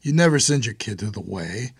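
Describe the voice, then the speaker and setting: Man doing a grim hardened brother, audiobook, blunt, low husky voice. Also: lively intonation, a little fast, no room sound, studio quality, full character voice.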